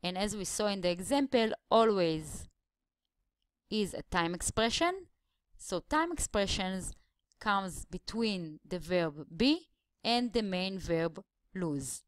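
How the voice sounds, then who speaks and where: A woman's voice: medium pitch, expressive, takes it slowly, smooth, no echo. A woman English teacher, patiently explaining grammar step by step in a slideshow voice-over.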